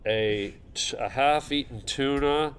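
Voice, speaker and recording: A Canadian man with a Canadian accent, a comedian guest telling deadpan absurd stories in casual podcast chat on a comedy club stage. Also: medium pitch, takes it slowly, clear, resonant tone. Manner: deadpan absurd storytelling, rambling.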